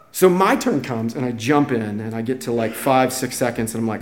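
A man preaching a sermon, telling a story with lively acted-out quotes. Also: medium pitch, a little fast, few pauses, reverberant. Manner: animated, acts out quoted voices. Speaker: pastor.

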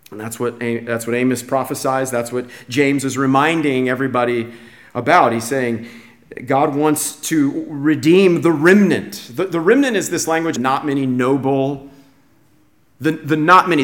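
A man preaching a sermon, earnest and emphatic, often repeating words as he restarts a thought. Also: mid-range voice. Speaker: pastor.

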